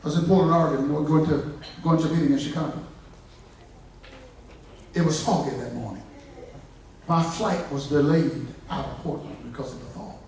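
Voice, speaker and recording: A man preaching a revival sermon, telling stories in folksy asides and building from low narration to shouted climaxes, with the congregation answering back. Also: fairly even intonation, moderate pace, pauses often, a little hiss or hum. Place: church sanctuary. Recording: echoey church hall from far off, congregation. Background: congregation responding.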